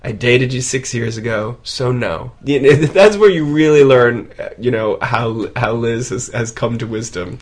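A man's voice: mid-range voice, unhurried, few pauses. A young adult man hosting a podcast, chatting casually about a film, laughing often and slipping into impressions. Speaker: podcast host. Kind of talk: casual film-review banter.

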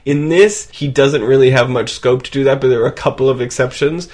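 A man's voice: medium pitch, fairly quick, darkish tone. A young adult man hosting a podcast, chatting casually about a film, laughing often and slipping into impressions. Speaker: podcast host. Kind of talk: casual film-review banter.

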